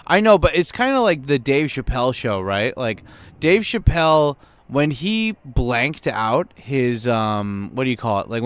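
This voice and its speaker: A man's voice: medium pitch, a bit bright, clean tone. A man streaming a game, chatting casually and rambling with lots of fillers and swearing. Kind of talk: casual gameplay commentary.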